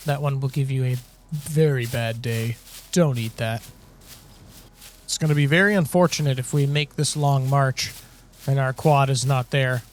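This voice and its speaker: A man giving casual gameplay commentary, rambling and joking with lots of fillers. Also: medium pitch. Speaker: game video creator.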